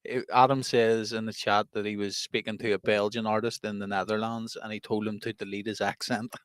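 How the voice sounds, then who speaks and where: A man's voice: on the low side, level tone, brisk, smooth, dry recording, studio quality. A man with a Northern Irish accent co-hosting a podcast, blunt and joking, swearing often. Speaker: podcast co-host. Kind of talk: casual banter.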